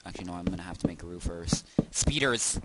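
A young gaming video host speaks in a deep voice at a racing pace, with a completely flat delivery, goofily rambling to himself as he commentates his game at home. This casual let's-play carries heavy background hiss.

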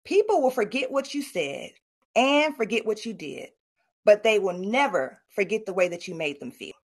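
A woman's voice: medium pitch, sing-song, normal speed, breathy edge. A middle-aged woman giving a motivational talk at an online summit and coaching her audience directly. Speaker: speaker.

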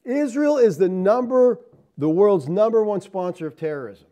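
A man preaching a sermon as pastor, animated, tossing rhetorical questions to his congregation and swinging between loud emphatic lines and low asides. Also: normal speed.

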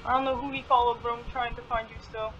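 A young woman playing a horror game with a friend, talking in quick frantic bursts, gasping, swearing and shouting warnings. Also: fairly high pitch, flat delivery, muffled recording, noisy background. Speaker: gamer.

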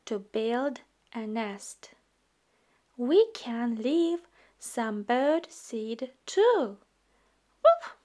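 A woman reading a children's picture book aloud into a phone, slow and gentle, with some words hushed. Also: on the high side. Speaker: storybook reader.

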